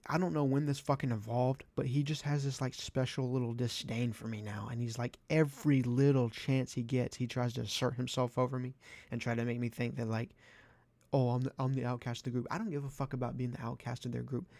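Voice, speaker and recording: A man's voice: medium pitch, steady tone, moderate pace, darkish tone, no room sound. A young man ranting in a vlog, profane and exasperated, with a sarcastic edge. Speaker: vlogger. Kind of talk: ranting commentary.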